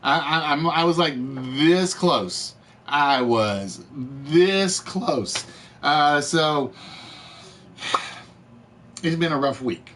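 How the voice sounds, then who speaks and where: Slightly high-voiced man, cracking voice. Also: very slow, long pauses, a little hiss or hum. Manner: animated, exasperated storytelling with repetitions. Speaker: game show stream host. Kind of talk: casual rant to live chat.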